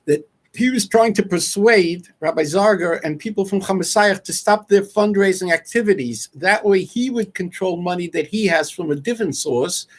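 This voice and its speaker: A man hosting a talk show, asking questions and summing up his guest's points in a deliberate, emphatic way. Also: sits high. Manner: deliberate and emphatic, repeating words as he builds a point. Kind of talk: interview questions.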